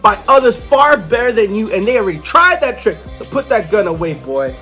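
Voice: mid-range voice, very animated, brisk, pushed and bright, faint music behind. Narrator playing Dakota, a taunting villainess. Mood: coldly taunting. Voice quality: raspy. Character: cold, menacing female villain who commands dinosaurs.

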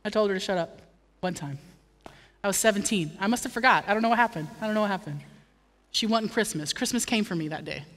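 A woman's voice: medium pitch, fast, a bit bright, long reverb tail, slight background noise. A woman pastor preaching a sermon with passion, building to emphatic declarations and dropping in humorous asides. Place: church.

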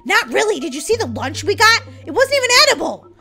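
A woman's voice: very high-pitched, big pitch swings, fast, creaky, sharp tone, full character voice. A woman voicing Daisy, a cautious, sensible young girl in a Roblox role-play story. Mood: doubtful. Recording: music playing underneath.

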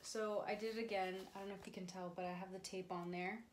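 A woman's voice: medium pitch, fairly even intonation, fast talker, heavy background noise. A young woman chatting casually as she teaches painting at home, rambling and filling gaps with um and like. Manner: chatty, rambling, says um and like a lot. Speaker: vlogger. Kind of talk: casual painting tutorial chat. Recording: roomy echo with music behind.

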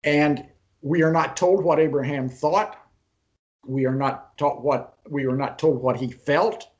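A man teaching an online Bible interpretation class, retelling a story unhurriedly with pauses and restarts, and putting questions to his students. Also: on the high side, steady tone, darkish tone, lo-fi sound.

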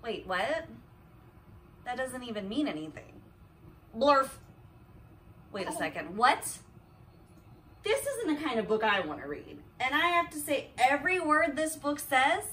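Bright, animated woman reading aloud. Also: sits high, moderate pace, far from the mic. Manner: animated, silly voices, laughing while reading. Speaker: parent reading a picture book aloud. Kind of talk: playful read-aloud storytelling.

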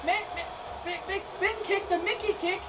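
A woman doing excitable play-by-play wrestling commentary over a video game, often shouting and tripping over her words. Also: extremely high pitch, normal speed. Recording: distant mic with noisy background.

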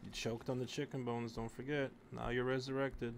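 A man's voice: mid-range voice, flat delivery, moderate pace. A man streaming a video game, chatting loosely with his viewers and swearing freely as he plays, in a room with faint background noise. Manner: rambling, profane, talking to chat while playing. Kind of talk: casual live-stream chat.

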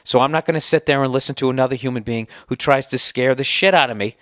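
A man's voice: medium pitch, fast talker, fairly bright tone, no echo, studio quality. A man hosting a solo podcast, answering listener email in a heated, sarcastic, profane rant. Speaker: podcast host.

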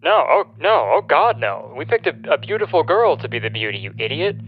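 A man's voice: fairly high pitch, sing-song, brisk, slightly rough, phone-quality sound. A man playing a rude male TV show caller who taunts and insults the person he phoned. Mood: mocking.

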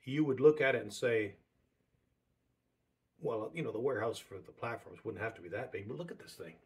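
A man preaching a sermon in a slightly husky, breathy voice at an ordinary pitch. He talks conversationally and circles back on key words again and again to drive his point home. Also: fairly quick.

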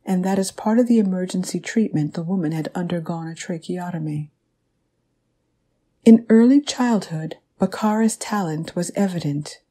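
Woman audiobook narrator, low dark voice, husky, measured reading.

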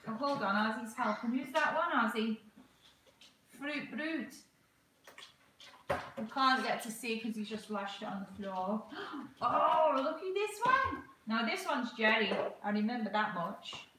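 A woman's voice: on the high side, unhurried, sharp tone. A woman chatting casually on a livestream, talking to her baby and her viewers while she opens gifts. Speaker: livestream host. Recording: echoey room, far from the mic, noisy background.

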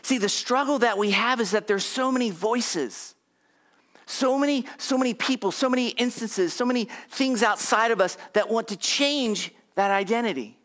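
A man's voice: very high-pitched, moderate pace, a bit bright. Man preaching a conversational sermon. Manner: conversational, repetitive affirmations, audience call-and-response. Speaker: pastor.

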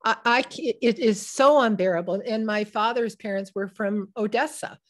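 A woman in her sixties, an author being interviewed, telling personal family stories in a halting, emotional way with many restarts. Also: mid-range voice. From Midwest United States. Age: 60s. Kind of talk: reflective personal storytelling.

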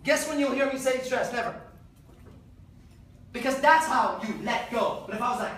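A man's voice: very high voice, moderate pace, pauses often, recorded from a distance, a little hiss or hum. Profane man lecturing in an echoey hall. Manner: profane, animated, acts out voices. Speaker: seminar speaker. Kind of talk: conference talk. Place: large conference hall.

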